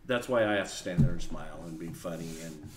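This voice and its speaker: A man's voice: low voice, fast talker. A man casually telling a work story to camera, acting out the people in it. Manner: animated storyteller, acts out other people's voices. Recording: echoey room with faint background noise.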